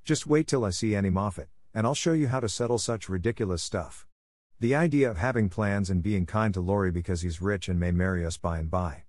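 A man's voice: low-pitched, brisk, a little mellow, no echo, clean studio sound, close to an everyday voice. A man voicing a blunt, outspoken teenage girl in a storybook reading. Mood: indignant. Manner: blunt, indignant. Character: lively outspoken teenage tomboy sister.

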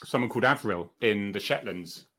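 Bloke co-hosting a live chat, lowish voice, jokey and a bit flustered. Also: male voice, expressive, fairly quick, pushed and bright. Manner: chatty, joking, easily flustered by tech. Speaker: co-host of a live online chat. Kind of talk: casual live-stream chat.

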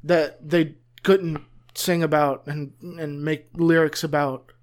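A young man co-hosting a podcast in loose, excitable chat, swearing freely and jumping between loud outbursts and mumbling. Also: on the high side, slow pace. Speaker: podcast co-host. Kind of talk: casual chat.

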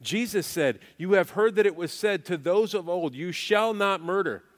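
A man's voice: sits high, animated, normal speed, big-room sound. A man preaching a sermon as pastor, emphatic and repeating phrases for weight.

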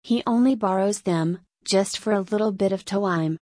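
A woman's voice: mid-range voice, moderate pace, a little mellow, no echo, clean studio sound, close to an everyday voice. A woman voicing a shy, eager young Irish serving boy who keeps calling his master "sor". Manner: humble, says "sor" often.

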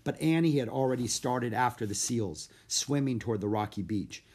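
A man reading a children's storybook aloud in an expressive, lively narration. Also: medium pitch, normal speed. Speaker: audiobook narrator.

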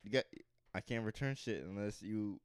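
A man's voice: on the low side, moderate pace, clear, resonant tone, dry recording, studio quality. A man co-hosting a comedy podcast, telling a story and acting out both sides with laughter. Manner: acts out both sides of scenes, laughing often. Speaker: podcast co-host. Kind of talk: comedic storytelling with character voices.

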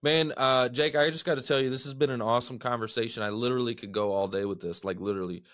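Excitable male podcast host, dry sound. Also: medium pitch, quick pace, dry recording. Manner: excitable, storytelling, lots of fillers like "man" and "dude". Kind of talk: animated casual interview chat.

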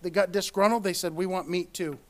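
A man's voice: high voice, steady tone, a little fast. A man preaching a sermon and reading scripture aloud, earnest, repeating words and rising for emphasis.

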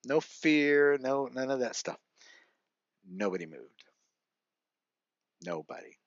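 A middle-aged man guesting on a podcast earnestly shares a personal story, often tossing in "right?" asides. His medium-pitched voice is sing-song and slow, with no room sound, in dry, slightly muffled lo-fi audio.

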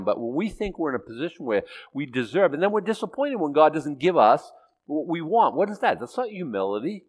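A man giving an informal sermon in a conversational way, often restarting his sentences and rising in emphasis. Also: on the high side. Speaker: preacher.

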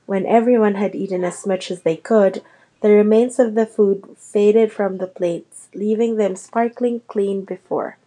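A woman narrating a children's novel chapter aloud in a steady storytelling manner. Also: mid-range voice, measured pace. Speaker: reader. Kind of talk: audiobook narration.

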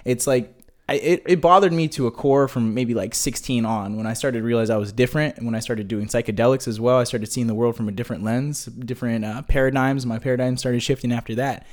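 A man's voice: mid-range voice, quick pace, darkish tone. A young man talking casually as an interview guest, laid-back and slangy, with lots of "like" fillers. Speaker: guest, marketing business owner.

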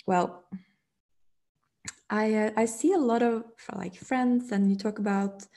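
A woman hosts a podcast conversation and asks long, hesitant questions that wander through many fillers. Her voice is mellow and soft-edged at a middle pitch. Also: fairly even intonation, takes it slowly. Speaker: podcast host.

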